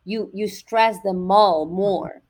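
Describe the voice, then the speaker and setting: Woman explaining at a measured pace. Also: medium pitch, darkish tone. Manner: measured, explanatory, with repeated restarts. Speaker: education researcher guest. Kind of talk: podcast interview, explaining.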